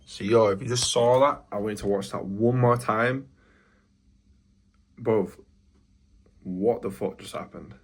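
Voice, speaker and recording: A man's voice: on the low side, measured pace, pauses often, distant mic. Young man, swearing, roomy echo, a bit off the mic. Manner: swearing, frustrated, exclaiming. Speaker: trading vlogger. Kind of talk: live trading commentary.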